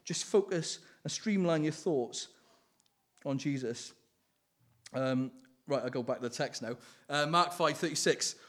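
Earnest, slightly high-voiced male preacher. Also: lively intonation, unhurried. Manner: earnest, pleading, with frequent laughter and self-corrections. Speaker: lay preacher. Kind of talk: informal sermon with personal testimony.

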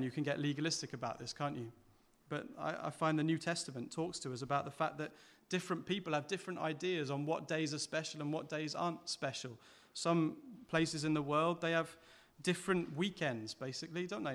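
A man preaching a sermon with a voice that sits a little high. He talks to the congregation in an easy, conversational way and keeps turning points into rhetorical questions for them. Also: a bit bright.

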